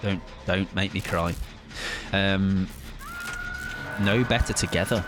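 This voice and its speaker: A man's voice: deep voice, fairly even intonation, slow, pauses often. A man streaming a game, chatting casually to his viewers, rambling and joking with casual swearing. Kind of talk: casual live-stream chat during gameplay.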